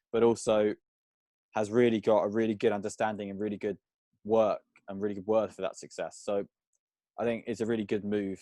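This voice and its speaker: Opinionated male podcast co-host, lowish voice, dry sound. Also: dark tone, dry recording. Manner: opinionated, thinks aloud in long runs. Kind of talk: casual podcast chat.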